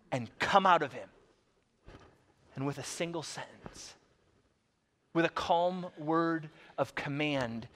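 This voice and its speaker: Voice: medium pitch, sharp tone. Joking, conversational preacher. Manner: conversational, joking, repeats words. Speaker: pastor. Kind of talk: sermon. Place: church service before a congregation.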